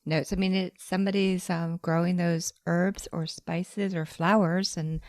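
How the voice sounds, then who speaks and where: A woman's voice: fairly low pitch, little pitch movement, a little slow, a little mellow, no echo, clean studio sound. A woman co-hosting a podcast, adding thoughtful remarks and affirming her guest in a casual chat. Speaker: podcast co-host.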